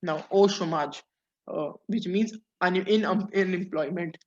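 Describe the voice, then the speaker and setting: A man teaching a French lesson online, translating phrase by phrase and pausing on "uh"s as he explains. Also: high voice. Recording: dull lo-fi audio.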